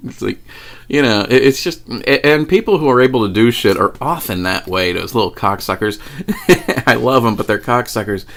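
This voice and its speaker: A man recounting an odd personal story in a loose, chatty vlog. His pitch swings widely as he talks, and he swears freely and breaks into laughter. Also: moderate pace. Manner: animated, profane, laughs often. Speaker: vlogger. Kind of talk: casual storytelling to camera.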